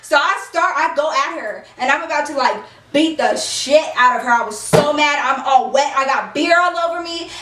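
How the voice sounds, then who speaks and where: A woman's voice: high voice, moderate pace, reverberant, far from the mic, noisy background. A young woman telling a heated story on her vlog, emphatic, with lots of "like" and "okay?" asides. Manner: emphatic, heated, acts out the scene, shouts quoted lines; frequent fillers and "okay?" asides. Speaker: vlogger.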